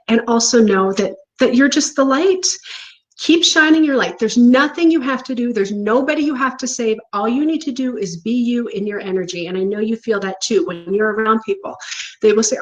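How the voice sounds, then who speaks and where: A spiritual coach talks casually to her viewers from home, earnest and encouraging, laughing now and then. Her voice is a little high, and the audio sounds dull.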